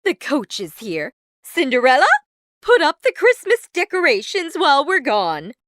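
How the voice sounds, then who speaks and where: A woman's voice: sits high, huge pitch swings, measured pace, fairly bright tone, no echo, studio quality, voice pushed up, heavily acted. A woman voicing a gushing, bossy stepmother who fusses over her daughters.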